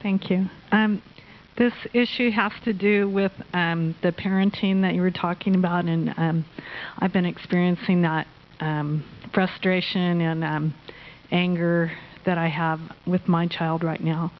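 A woman speaks up from an audience in a low voice. She talks slowly and hesitantly, with many ums. The recording sounds dull and lo-fi. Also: fairly even intonation. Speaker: audience member asking a question.

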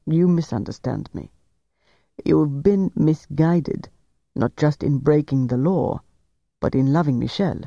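A man reading aloud, voicing a cool, calculating male officer who questions with gentle persuasion. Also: on the high side, unhurried, gravelly, no room sound, lo-fi sound. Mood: coaxing.

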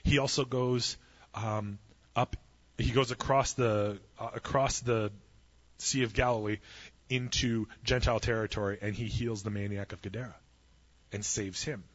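A man's voice: on the low side, fairly even intonation, moderate pace, muffled recording. A man preaching a sermon, retelling a story with humorous asides and acting out the voices in it. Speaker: pastor.

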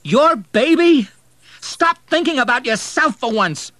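A man voicing a furious, grieving young man who shouts and threatens. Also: mid-range voice, big pitch swings, moderate pace, no echo, voice pushed up. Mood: raging. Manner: shouting through rage.

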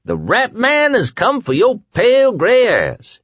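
A man's voice: very high voice, huge pitch swings, a little slow, a bit bright, dry recording, dull audio, pitched above the performer's own voice, heavily acted. A man doing a gleeful jeering jailer. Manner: gleeful, mocking taunts. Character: grinning, jeering male jailer pirate.

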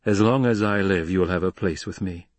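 A man voicing a calm, controlled young noble heir in a storybook reading. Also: sits low, moderate pace, no echo, natural voice.

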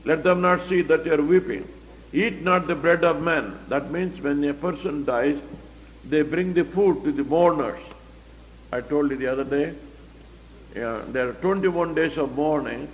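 A man's voice: a little high, normal speed, a little hiss or hum. Man teaching scripture in an echoey hall. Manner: explains plainly, asks rhetorical questions. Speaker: Bible teacher. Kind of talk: verse-by-verse Bible teaching. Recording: echoey hall, dull lo-fi recording.

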